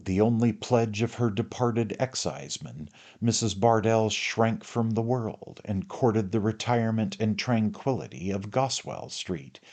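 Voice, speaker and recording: A man's voice: lowish voice, darkish tone. A man voicing a pompous, theatrical older barrister who addresses a jury in grand, oratorical speech.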